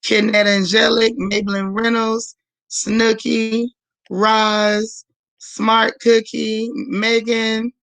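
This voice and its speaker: Hoarse, gravelly woman hosting a livestream. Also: fairly high pitch, little pitch movement, slow, fairly bright tone, no echo, low-quality recording. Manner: chatty, greets viewers by name one after another. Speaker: livestream host. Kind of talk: casual chat greeting live viewers.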